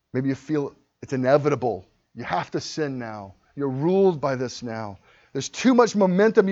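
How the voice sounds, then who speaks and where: A man preaching a sermon as pastor, impassioned, dropping to hushed tones and rising to loud cries. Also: a little high, dull audio.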